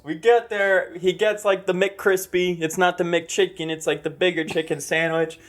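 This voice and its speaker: A man's voice: high voice, fairly even intonation, moderate pace. A young man co-hosting a podcast, teasing his friend in casual comedic chat as he tells a story. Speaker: podcast co-host.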